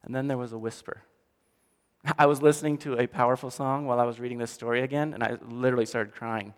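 A male pastor preaching a sermon in an animated storytelling way, often dropping to quiet for emphasis. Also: medium pitch, fast, clean tone. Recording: long hall reverb.

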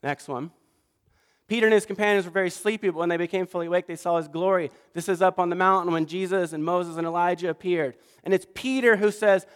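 A pastor giving a sermon, telling stories in an animated way and acting out the quoted voices. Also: male voice, fairly high pitch, fast, clear, resonant tone. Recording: long reverb of a large hall.

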